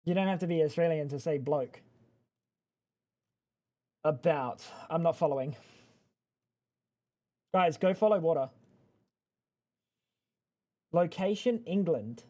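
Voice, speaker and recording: A young man on a livestream, chatting loosely and trading crude, teasing banter. His voice sits fairly high but sounds soft and mellow rather than bright. He rambles and trails off mid-thought. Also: takes it slowly, pauses often. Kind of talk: casual livestream chat.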